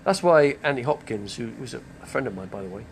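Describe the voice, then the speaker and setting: Older guy, gravelly voice, rambling live-stream host. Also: mid-range voice, expressive, fast talker, a little hiss or hum. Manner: chatty, digressive, name-dropping. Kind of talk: rambling casual monologue.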